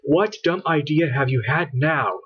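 A man voicing a bad-tempered girl who snaps and sneers, a little louder and higher than his own voice, on a dull lo-fi recording. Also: lively intonation, measured pace, slightly rough. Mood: snarling. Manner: snapping, sneering, raised and higher. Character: angry girl scientist's bad-tempered double.

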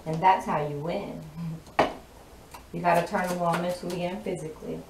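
A woman's voice: fairly low pitch, steady tone, normal speed, creaky, far from the mic. Sassy woman in an echoey room. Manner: sassy, drawling, laughs often. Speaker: tarot reader. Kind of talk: channeling spoken tarot reading. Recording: echoey room, voice off-mic, noisy.

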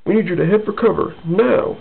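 A man's voice: high-pitched, brisk, vocal fry, husky, voice pushed up, exaggerated voice. A man reading an urgent, anxious sergeant. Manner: urgent shouted orders. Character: anxious male military sergeant on a ship's bridge. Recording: tinny lo-fi phone-like sound.

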